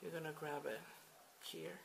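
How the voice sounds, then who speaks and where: A woman's voice: low-pitched, fairly even intonation, normal speed, gravelly, background noise. A woman explaining crochet steps in a casual, hesitant way, full of fillers and repeated instructions. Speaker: crochet tutorial maker. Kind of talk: casual how-to demonstration. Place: home at night.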